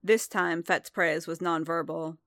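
A woman narrating a story in a measured, intimate reading. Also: on the low side, fairly even intonation, fairly bright tone, no echo, clean studio sound. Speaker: reader. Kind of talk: scripted narration of fan fiction.

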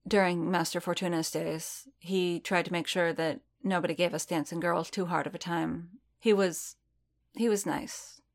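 A woman's voice: lowish voice, steady tone, normal speed, vocal fry. A woman voicing a wary young alien dancer who talks bluntly and wryly and trails off. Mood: grieving.

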